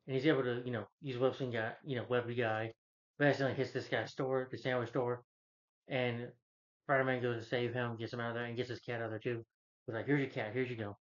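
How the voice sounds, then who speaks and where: A man's voice: level tone, fast, lo-fi sound. Rambling man recapping a movie plot. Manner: loose, filler-heavy retelling that jumps up in pitch for quoted characters. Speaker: movie reviewer.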